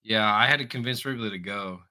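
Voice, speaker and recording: A man co-hosting a podcast, telling stories in casual chat, animated, laughing often and swearing freely. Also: on the low side, fairly quick. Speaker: podcast co-host.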